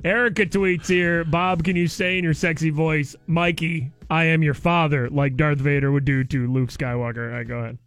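A man's voice: fairly high pitch, steady tone, moderate pace, fairly bright tone, no room sound. A man hosting a morning radio show, upbeat, reading listener tweets aloud in casual banter on a studio mic. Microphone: studio microphone.

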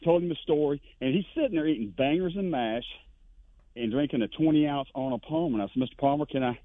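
A man calling in to a sports radio show, telling stories in an animated way with voices for the people he quotes. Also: fairly high pitch, quick pace, no room sound. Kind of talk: casual storytelling on a phone line. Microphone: telephone. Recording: tinny dry phone line.

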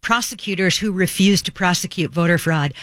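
A woman's voice: on the low side, dry recording. A woman from Minnesota hosting political talk radio, emphatic and indignant. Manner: emphatic, indignant, fast asides. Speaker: radio talk show host.

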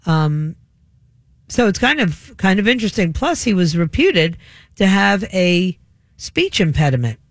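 A woman's voice: fairly low pitch, sing-song, unhurried, no echo. An older woman hosts a radio talk show in a loose, rambling, chatty style, drifting through memories as she talks. Her voice is close and dry on a studio microphone.

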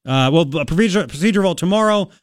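A man in his forties hosting a talk radio show, joking with his co-host and telling animated stories between political commentary. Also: sits high, fast talker, dry recording, studio quality. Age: 40s. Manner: joking, teasing, animated storytelling. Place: radio studio. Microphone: studio mic.

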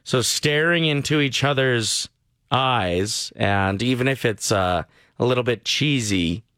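A man's voice: mid-range voice, a little slow, fairly bright tone, no room sound. Easygoing man radio co-host, dry sound. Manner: easygoing, jokey. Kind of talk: morning radio banter.

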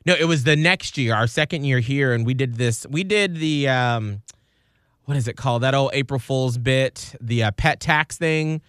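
A male radio host telling a story in casual chat, acting out quoted lines in a raised, animated voice. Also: medium pitch, normal speed, clean tone, no echo, clean studio sound.

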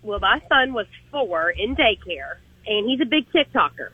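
A woman's voice: mid-range voice, big pitch swings, normal speed, breathy edge, dry recording, narrow, tinny audio. A woman calling into a radio show, telling an amused story about her son. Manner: chatty, amused. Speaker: caller. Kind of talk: storytelling on a phone call.

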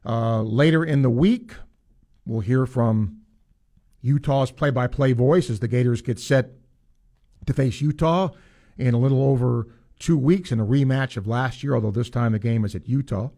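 A man's voice: mid-range voice, moderate pace, dark tone. A man hosting a sports talk radio show, talking conversationally with fillers.

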